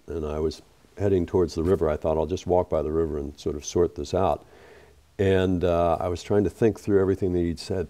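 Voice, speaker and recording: Middle-aged guy giving a lecture, deep mellow voice, earnest and reflective, lots of uhs. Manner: earnest, reflective storytelling with fillers. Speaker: author giving a public talk. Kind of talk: lecture storytelling.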